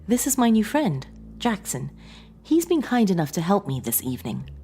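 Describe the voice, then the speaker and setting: A woman voicing an estranged wife who is pleading and tearful, a little higher and louder than her narration. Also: huge pitch swings, normal speed, a little hiss or hum. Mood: wistful. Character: grieving estranged wife, adult woman, clingy and sorrowful.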